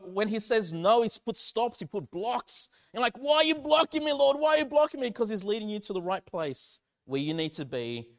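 Animated high-voiced male pastor. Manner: animated storytelling, swinging from loud exclamations to hushed low lines. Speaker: church pastor. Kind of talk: sermon storytelling.

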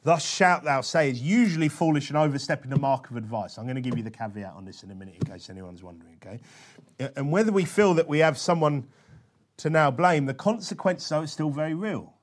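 A male preacher giving a sermon in a conversational way, often checking in with questions like "okay?" and slowing down to stress scripture. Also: mid-range voice, expressive. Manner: conversational, with frequent tag questions; slows and stresses quoted scripture.

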